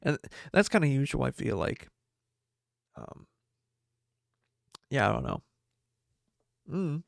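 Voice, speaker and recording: A man's voice: mid-range voice, sing-song, takes it slowly, gravelly, dry recording. A man hosting a casual solo livestream podcast. He rambles, restarts his sentences, corrects himself often and laughs a lot. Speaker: podcast host.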